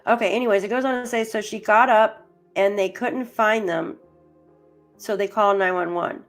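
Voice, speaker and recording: A woman's voice: medium pitch, steady tone, moderate pace, faint music behind. A middle-aged woman hosting a true crime channel, rambling and emotional with lots of fillers as she reads through case documents. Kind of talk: casual chat reading case documents.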